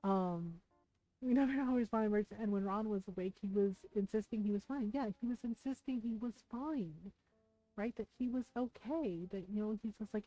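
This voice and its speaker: A woman's voice: mid-range voice, normal speed, warm tone, no echo, low-quality recording. A middle-aged woman streaming and chatting, telling a personal story in a rambling, candid way with lots of fillers. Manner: rambling, many fillers and restarts. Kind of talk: casual chat while gaming. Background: faint game music.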